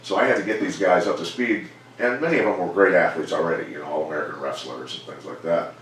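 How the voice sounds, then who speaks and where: A middle-aged former fighter who now coaches tells stories in a casual interview at a gym, speaking in a low, measured, plainspoken way that livens up when he quotes others. The room echoes, the mic is far off, and there's a slight hiss or hum.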